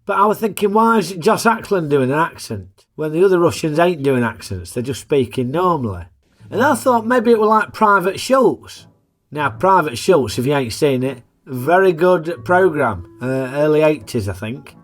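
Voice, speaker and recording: A man's voice: fairly high pitch, sing-song, normal speed. A man, hosting a casual, jokey film review in a chatty, plain-spoken way.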